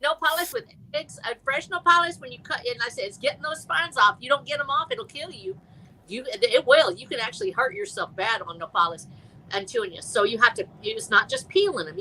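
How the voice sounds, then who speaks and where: A middle-aged woman, chatting as a guest author on a live stream, rambling and animated with many restarts. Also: high-pitched, slight background noise, low-quality recording. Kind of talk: casual chat.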